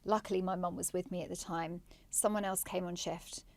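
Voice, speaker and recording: A woman's voice: fairly low pitch, steady tone, fairly quick. A woman co-hosting a podcast, chatty, telling stories and asking probing questions. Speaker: podcast co-host. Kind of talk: casual conversational interview.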